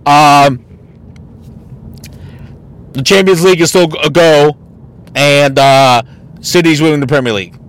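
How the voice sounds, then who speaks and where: On his laid-back solo podcast, a man vents with blunt mockery and exasperation, cursing freely. His slightly high, smooth voice is unhurried, with frequent pauses.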